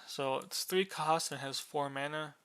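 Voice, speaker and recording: A man casually explaining the rules of a board game unit, relaxed and drowsy, with many fillers and yawns. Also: fairly high pitch, measured pace, smooth.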